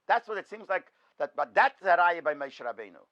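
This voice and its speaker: High-voiced rabbi teaching, dull recording. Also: male voice, sing-song, a little fast. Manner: poses questions and answers them himself. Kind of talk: in-depth Torah lecture.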